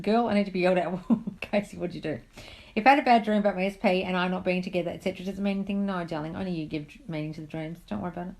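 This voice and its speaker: A woman's voice: fairly low pitch, fairly even intonation, very fast, darkish tone, poor audio. A woman hosting a casual live-stream Q&A as a manifesting coach, chatty, reading comments aloud and calling listeners darling. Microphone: phone on a live stream.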